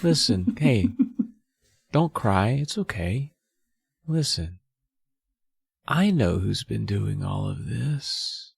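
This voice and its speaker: A man playing a cold, sinister teenage girl who speaks in a hushed, slow voice. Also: lowish voice, animated, creaky, slightly rough, heavily acted.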